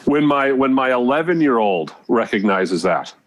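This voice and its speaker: A man's voice: medium pitch, expressive, normal speed, lo-fi sound. A man hosting a podcast, casual and laid-back, laughing along with his guest. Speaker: podcast host.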